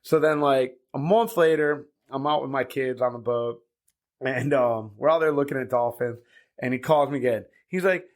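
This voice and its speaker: A man's voice: mid-range voice, normal speed. A man telling stories casually, rambling through with lots of fillers and laughing as he goes. He sounds like an easygoing host chatting with a friend. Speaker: boat charter captain and podcast host. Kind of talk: casual anecdotal storytelling.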